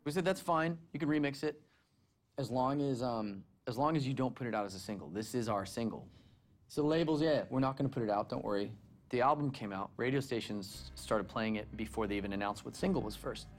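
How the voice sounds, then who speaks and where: A man's voice: mid-range voice, brisk, soft background music. A man, a band member, recounting anecdotes in a documentary interview and acting out the quotes. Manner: animated anecdote-telling with acted-out quotes.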